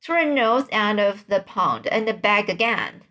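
A woman's voice: mid-range voice, sing-song, measured pace, bright, forceful tone. A woman voicing a grown man who acts as a boat-race referee, announcing in an official manner during a storybook reading. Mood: officious. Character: man in a bright green suit acting as race referee.

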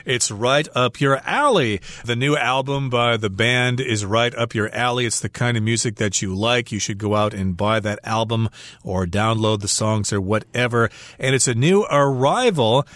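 A man's voice: medium pitch, moderate pace, a bit bright, no room sound. Man teaching English in a dry studio. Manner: explains phrases with everyday examples. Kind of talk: radio English lesson.

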